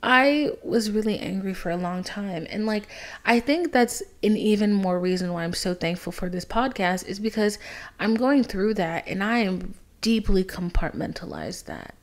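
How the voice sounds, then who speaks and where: A young woman recounts her story on her podcast in a candid, theatrical way. She swears freely and sometimes sinks into a hushed whisper to make a point. Her voice sits at an ordinary middle pitch for a woman. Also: normal speed. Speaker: podcast host. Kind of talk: casual storytelling monologue.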